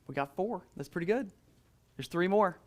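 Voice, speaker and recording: Man, church class moderator, pitched slightly high, loose and conversational, draws answers out of the room. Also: expressive, normal speed, darkish tone. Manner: conversational, many "um"s and restarts, quizzes the class. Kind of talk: adult Sunday school class teaching.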